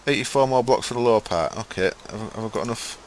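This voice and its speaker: There's a little hiss or hum on this clip of a young Hull-born gaming streamer from East Yorkshire, England, whose mid-range voice moves at a quick pace. With a mild local accent, he chats with his live chat as he plays, rambling, mumbling to himself and cursing casually.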